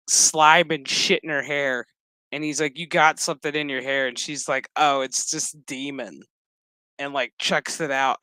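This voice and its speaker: A man's voice: a little high, pushed and bright, clear, resonant tone, no room sound. A man streaming a casual reaction review of a show to his chat, retelling scenes in a sassy, profane, exaggerated way. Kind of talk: casual crude reaction commentary.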